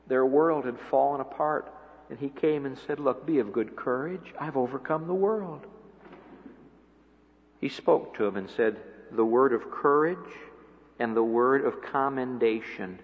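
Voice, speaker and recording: Emphatic preacher man in an echoing hall. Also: medium pitch. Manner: swings from hushed to loud emphatic climaxes. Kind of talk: sermon. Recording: dull lo-fi audio with long hall reverb.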